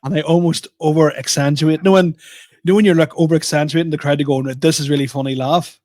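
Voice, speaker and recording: A man's voice: fairly high pitch, steady tone, fast, a little mellow, dry recording. Laughing man, dry close sound. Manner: laughing, self-deprecating storyteller. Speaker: podcast co-host and stand-up comedian. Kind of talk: casual chat.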